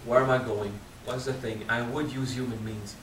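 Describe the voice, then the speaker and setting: A man in his thirties with a French accent, speaking at a spiritual seminar, frank and animated, swearing casually and drawing out key words. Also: medium pitch, normal speed, echoey room, distant mic, slight background noise, low-quality recording. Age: 30s. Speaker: spiritual teacher. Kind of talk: seminar talk.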